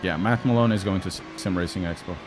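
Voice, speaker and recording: A man's voice: low-pitched, quick pace, over music. A man with a Portuguese accent chatting casually on a live stream, joking and answering chat as he drives a sim race.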